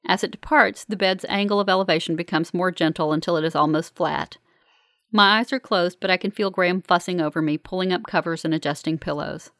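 A woman's voice: on the low side, brisk, fairly bright tone, no room sound. Dry woman reading a first-person novel. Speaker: audiobook narrator. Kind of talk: first-person scripted narration.

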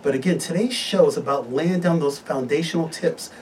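A man's voice: a little high, a little fast, a little mellow, distant mic. Man, upbeat host, studio talk, set back from the mic, light background noise. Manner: upbeat, enthusiastic, promotional. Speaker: health show host. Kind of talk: live studio talk show. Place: radio studio.

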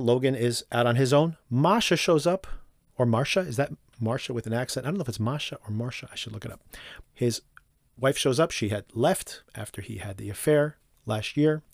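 A man hosting a solo podcast, recapping a TV episode in an animated, conversational way and acting out characters' lines. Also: medium pitch, no echo, studio quality. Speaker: podcast host.

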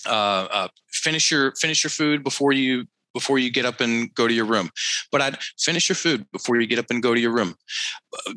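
Animated man on a headset mic. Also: medium pitch, a little fast, no echo, poor audio. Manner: animated storyteller, acts out quotes, repeats himself. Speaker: coach. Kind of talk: casual talk.

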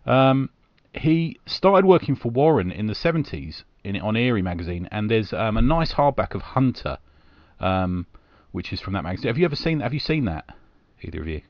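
A man's voice: fairly low pitch, very animated, normal speed, dry recording, dull audio. A man hosting a casual comic book podcast, chatty, often trailing off with tag questions.

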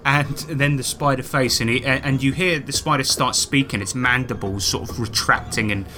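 A man's voice: mid-range voice, moderate pace, pushed and bright, a little hiss or hum. A man narrating and running a tabletop role-playing game as game master.

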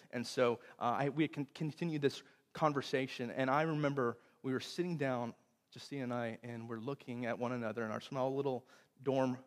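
A young man from Texas preaching a sermon, telling stories with big swings between loud bursts and hushed, tender moments. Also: medium pitch. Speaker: pastor. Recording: long hall reverb.

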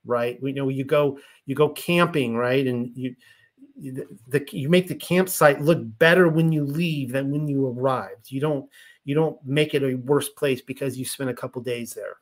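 A man with a mid-range voice reads passages from a spiritual text aloud, then explains them in loose, chatty asides packed with "you know" and "right?".

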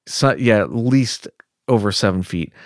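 A man co-hosting a podcast, telling a story in a relaxed, chatty way with joking asides. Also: lowish voice, measured pace, no echo, studio quality. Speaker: podcast co-host. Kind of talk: casual storytelling narration.

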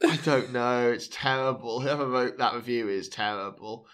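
A man hosting a casual podcast, his voice bright and forward. He jokes around, swears freely and reads reviews out in a mocking tone. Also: medium pitch, fairly even intonation, normal speed, few pauses. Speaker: podcast host.

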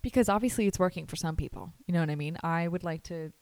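A young woman co-hosting a podcast who tells work stories in an animated, casual way, laughing often and swearing. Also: lowish voice, quick pace, dry recording. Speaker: podcast co-host, hospital worker. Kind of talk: casual chat, storytelling.

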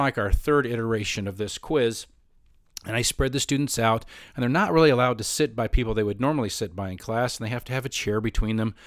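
A man's voice: mid-range voice, no room sound, studio quality. A man who teaches middle school choir, casually telling personal stories with frequent restarts and self-corrections. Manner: rambling, self-correcting, animated when quoting others. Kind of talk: personal storytelling.

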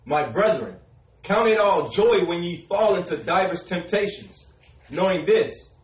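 A man reading scripture aloud in a slow, measured way. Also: high voice, expressive. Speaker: scripture reader. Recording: distant and echoey.

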